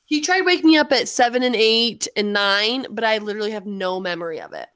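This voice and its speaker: A woman's voice: mid-range voice, a little fast, a bit bright, clear, resonant tone, no echo. A married woman co-hosting a podcast, telling rambling stories in casual chat and laughing often. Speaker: podcast co-host.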